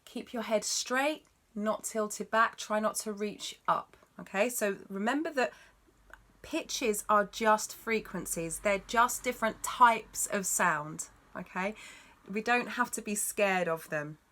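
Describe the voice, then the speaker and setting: A woman's voice: medium pitch, slow, fairly bright tone. A woman giving a singing lesson, explaining technique in an encouraging, instructive way. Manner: encouraging, instructive, demonstrates notes. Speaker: singing teacher. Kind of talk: vocal lesson talk.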